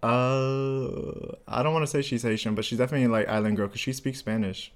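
A man's voice: medium pitch, fairly even intonation, fairly quick. A young man co-hosts a podcast and keeps the chat light. He is gossipy and playful, and he laughs a lot. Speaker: podcast co-host. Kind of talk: casual chat.

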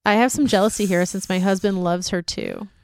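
A woman's voice: medium pitch, a little fast, smooth, no room sound, studio quality. A woman co-hosting a casual podcast, reading listener emails aloud with chatty asides. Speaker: podcast co-host.

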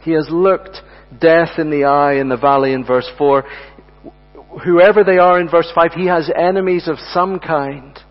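A man preaching a sermon, earnest and emphatic, addressing the congregation as friends and slowing down to repeat key words. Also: a little high, steady tone. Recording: dull sound with long hall reverb and mains hum.

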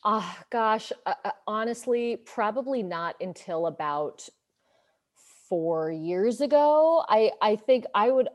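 A woman in her thirties, an actress talking in a relaxed interview, chatty and self-deprecating, acting out quoted lines with lively shifts in voice. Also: mid-range voice. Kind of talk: casual interview chat.

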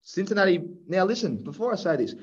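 Australian man, podcast co-host, slightly high voice, dull lo-fi sound, chatty and enthusiastic. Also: sing-song, fast talker, husky. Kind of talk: casual sports chat.

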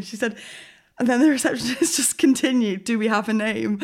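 A woman's voice: a little high, fairly quick. A young woman, a podcast co-host, telling an embarrassing story in casual chat with frequent laughter. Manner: giggly, animated storytelling.

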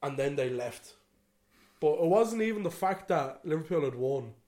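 A man's voice: on the high side, lively intonation, moderate pace, mellow. An Irish man co-hosting a podcast, rambling through a story in casual chat and swearing freely. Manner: rambling, swears freely, "you know what I mean". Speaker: podcast co-host.

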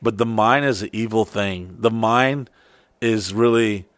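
A man's voice: lowish voice, unhurried, dry recording. A man co-hosting a podcast, telling stories in a loose, profane way and slipping into mock voices. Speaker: podcast co-host. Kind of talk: casual podcast chat.

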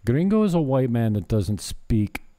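A vlogger with a medium-pitched, dark, sing-song voice chats in an unhurried way. He rambles, teases himself, and mixes in some broken Spanish.

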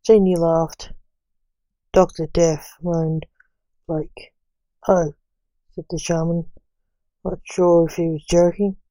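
A woman reading a story aloud in an even, unhurried way, with little change of voice between characters. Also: fairly low pitch, no room sound. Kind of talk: read-aloud story narration.

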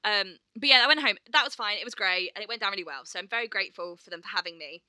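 A woman's voice: mid-range voice, racing, sharp tone, no echo, clean studio sound. A woman co-hosting a casual chat, telling stories with swearing and acted quotes. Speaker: podcast co-host and performer.

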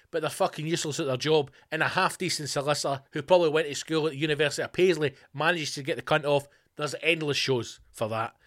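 A Scottish man hosting his own podcast, ranting sarcastically with constant swearing, swinging between loud outbursts and low mutters. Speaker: podcast host. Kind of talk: profane comedic rant.

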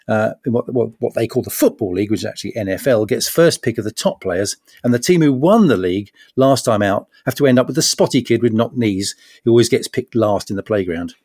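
A man's voice: fairly low pitch, a little mellow, no room sound, clean studio sound. A man hosting a podcast, delivering a wry, punning satirical comedy monologue with sarcastic asides. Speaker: podcast host.

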